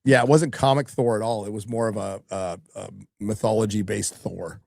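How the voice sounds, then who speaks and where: A man's voice: fairly low pitch, steady tone, normal speed, vocal fry, darkish tone, no echo, clean studio sound. A middle-aged man hosting a live stream, chatting casually, swearing freely and reading viewer donation messages aloud. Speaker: livestream host reading donations.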